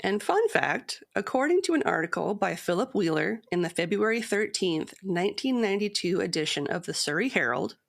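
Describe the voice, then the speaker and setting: A woman co-hosting a podcast, reading a long poem and source quotes aloud in a measured storytelling cadence, then chatting casually. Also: medium pitch, sing-song, vocal fry. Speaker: podcast co-host.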